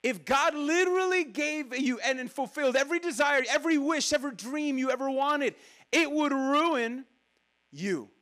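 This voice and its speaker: A pastor with a very high male voice preaches a conversational, animated sermon at a fairly quick clip with few pauses. Every so often he suddenly drops into quiet asides to the congregation.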